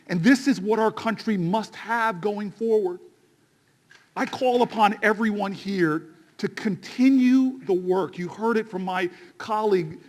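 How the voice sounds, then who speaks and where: A man giving an impassioned rally speech, telling a story and building to shouted refrains. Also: sits high. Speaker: politician.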